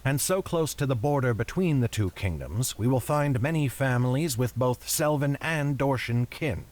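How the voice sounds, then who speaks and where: A man voicing a measured, wary male wizard who speaks in a calm, deliberate way. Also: medium pitch, a little hiss or hum, natural voice.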